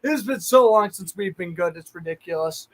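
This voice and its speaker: A man calling a football game as a fan, chatty and joking with friends, breaking into shouts on big plays. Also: high-pitched, lively intonation, a little fast, low-quality recording. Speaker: fan play-by-play commentator. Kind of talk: live fan watch-along commentary.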